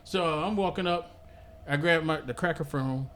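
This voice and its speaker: A man's voice: fairly high pitch, moderate pace. A man telling a funny story on a podcast in a casual chat, laughing often and stumbling over his words. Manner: animated storyteller, laughs often, stammers and restarts. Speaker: podcast host. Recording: noisy room ambience.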